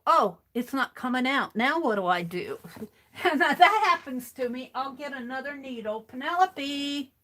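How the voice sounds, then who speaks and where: Fairly high in pitch and fairly bright in tone, this woman's voice guides a craft livestream. She describes cleaning a paint bottle in a rambling fashion, beginning sentences over as she works with her hands.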